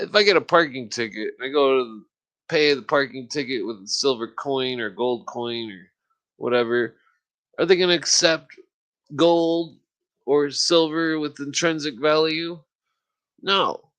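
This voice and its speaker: An American man talks alone into a podcast microphone in a loose, rambling rant. His voice sits at an ordinary middle pitch, and his speech is thick with swearing. He stops often to clear his throat. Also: takes it slowly, long pauses, fairly bright tone. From United States. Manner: profane, ranting, frequent throat clearing. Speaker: podcast host. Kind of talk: casual rambling monologue.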